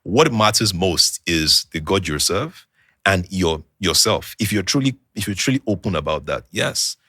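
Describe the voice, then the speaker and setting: A man's voice: sits low, normal speed, husky, dry recording, studio quality. A young Nigerian man with a Nigerian English accent, a podcast guest telling a personal story in casual chat, acting out the quoted dialogue. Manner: animated storyteller who acts out quoted dialogue.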